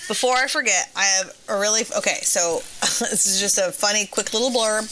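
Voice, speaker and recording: A middle-aged woman co-hosting a casual chat, cheerful and quick to laugh. Her voice is bright and lively, and she tells her stories with frequent giggles. A faint hiss sits under the recording. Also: medium pitch, poor audio. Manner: giggly storyteller, laughs often. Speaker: podcast co-host.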